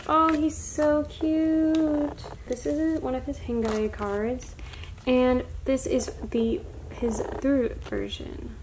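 A young woman talks casually through an unboxing, gushing and excitable as she gasps over each find. Her voice sits fairly high, and a faint noise floor runs under the home recording. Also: takes it slowly. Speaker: vlogger. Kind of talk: casual haul unboxing chat.

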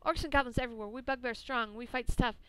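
A woman's voice: on the high side, fairly even intonation, fast talker, fairly bright tone, clean tone, no echo, natural voice. A woman reading out a captive male bugbear's lines in broken, caveman-like grammar. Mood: explaining. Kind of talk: reading game dialogue aloud.

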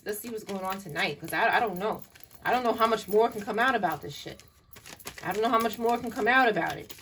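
Speaking in a mid-range voice with a fairly bright tone, a woman delivers an online tarot reading, blunt, exasperated, and full of profanity, often addressing the listener as "child." The mic is distant, picking up faint noise and clicks.

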